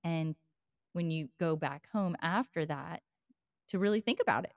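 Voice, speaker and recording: A woman's voice: lowish voice, normal speed, no room sound, dull audio. A woman podcast co-host and life coach, talking in a reflective, coaching way and laughing easily. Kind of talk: casual podcast chat.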